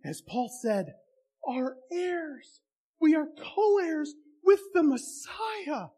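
A pastor delivering a sermon in an unusually high voice for a man. He speaks to his congregation in a plain, conversational way, then presses his points with fervent intensity. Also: very animated, extremely slow, mellow. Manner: impassioned, conversational preaching.

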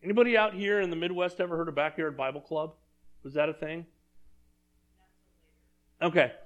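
A man's voice: on the high side, steady tone, moderate pace, lo-fi sound. A man preaching a sermon in a church, talking conversationally and asking the congregation questions. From Southern California. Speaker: pastor.

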